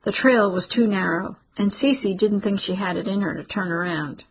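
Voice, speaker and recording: Husky, gravelly woman narrating. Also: mid-range voice, poor audio. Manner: steady, measured storytelling. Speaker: audiobook narrator. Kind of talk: scripted narration.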